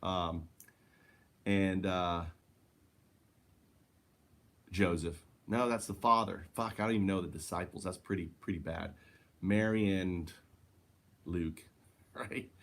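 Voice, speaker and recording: A man's voice: low-pitched, slow pace, long pauses, a bit bright. A man giving a rambling spiritual monologue, swearing and correcting himself as he goes. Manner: rambling, profane, self-correcting. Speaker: spiritual teacher.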